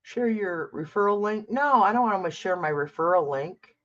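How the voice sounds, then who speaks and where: A woman's voice: mid-range voice, lively intonation, moderate pace, fairly bright tone, highs cut off. An older woman hosting a tarot livestream, chatting casually, reading out viewer comments and talking to her cat.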